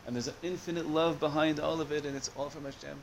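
Animated man teaching a Torah class. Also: on the high side, quick pace, gravelly, slight background noise. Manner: animated, searching for words with many restarts.

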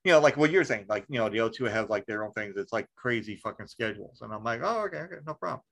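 A man's voice: on the low side, fast talker, a bit bright, low-quality recording. A man hosting a podcast in casual chat, rambling with lots of fillers, restarts and swearing. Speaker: podcast host.

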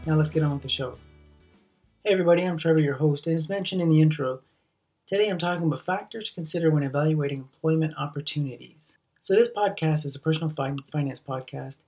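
A man's voice: fairly high pitch, fast talker, a little mellow, far from the mic, soft background music. A man hosting a solo podcast, talking earnestly and often repeating words as he restarts sentences. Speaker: podcast host.

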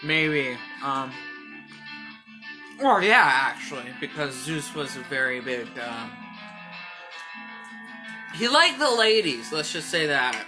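Sarcastic low-pitched woman podcaster. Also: big pitch swings, takes it slowly, long pauses, music in the background. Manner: dry, sarcastic, hesitant with fillers. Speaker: podcast host. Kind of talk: casual chat.

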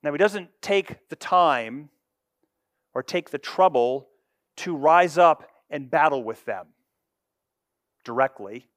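A man preaching a sermon, with expressive delivery that moves from loud emphasis to hushed asides. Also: on the high side, slow pace, long pauses, no room sound, studio quality. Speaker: pastor.

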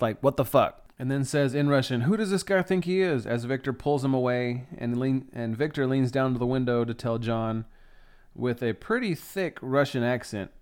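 Young guy doing a casual movie recap podcast, smooth clear voice, mid pitch, swears a lot. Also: a little mellow. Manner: chatty and enthusiastic, swears freely. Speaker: podcast host. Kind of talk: casual scene-by-scene film recap.

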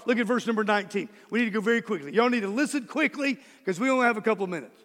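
A man's voice: sits high, expressive, racing, a bit bright, long reverb tail. A man preaching a sermon as pastor, emphatic and repeating key words for stress.

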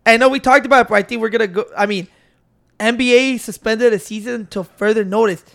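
A man hosting a podcast into a microphone, telling stories in excitable, profane casual chat. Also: high voice, fairly quick, vocal fry. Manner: excitable, swearing, storytelling with restarts. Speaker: podcast host.

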